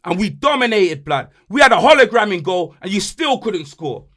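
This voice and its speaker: A man's voice: high-pitched, big pitch swings, moderate pace, a bit bright. A young man hosting a football podcast, boastful and mocking, full of slang. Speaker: podcast host. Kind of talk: animated football banter.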